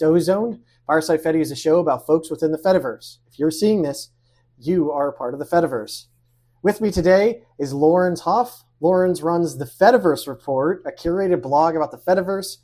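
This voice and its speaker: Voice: mid-range voice, normal speed, darkish tone. Chatty podcast host asking questions. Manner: reads a scripted intro, then asks loose, chatty questions. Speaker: show host. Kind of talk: podcast interview hosting.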